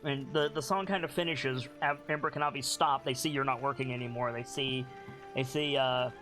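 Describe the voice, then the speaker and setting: A man's voice: medium pitch, fairly even intonation, a little fast, pushed and bright, faint music behind. A man narrating as game master for a tabletop game, in a loose, rambling way. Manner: rambling, loose, filler-laden.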